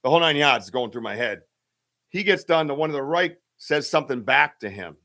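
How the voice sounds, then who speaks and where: On a live stream, a male podcast host spins a casual, meandering story packed with fillers and restarts. His voice sits at medium pitch, with lively intonation, a brisk pace and a sharp tone.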